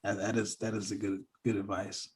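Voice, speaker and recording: A man speaking in a podcast conversation, thoughtful and halting, with a husky voice. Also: lowish voice, level tone. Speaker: guest, NICU parent.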